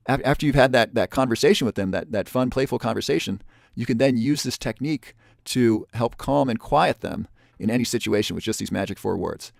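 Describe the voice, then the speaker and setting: A man presenting a webinar, pitching a parenting program and repeating the offer and the spots left. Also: gravelly, no echo, clean studio sound. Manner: pushy salesman tone, repeats offers and counts down spots.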